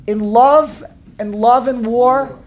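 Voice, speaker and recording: A woman's voice: a little high, slow pace. A woman teaching a study class, telling a story with many restarts and repetitions and laughing along the way. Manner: animated, repeats herself, laughs while telling. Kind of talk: storytelling lesson to a group.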